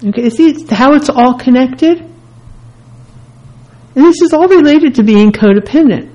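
A woman's voice: high-pitched, lively intonation, moderate pace, mellow, lo-fi sound. A woman hosting a self-help radio talk, speaking earnestly and candidly in short repeated phrases. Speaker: radio host.

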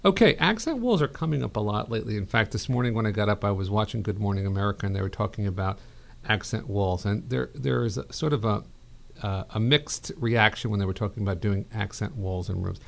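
A middle-aged man hosting a call-in home design advice show, chatty and relaxed, with many fillers and restarts. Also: on the low side, brisk, vocal fry. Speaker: radio show host, interior designer.

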